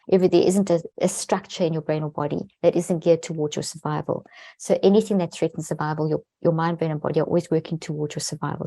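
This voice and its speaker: A woman with a lowish, mellow voice talks as a podcast guest. She explains things earnestly and lands hard on the words that matter. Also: no room sound. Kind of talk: explaining in an interview.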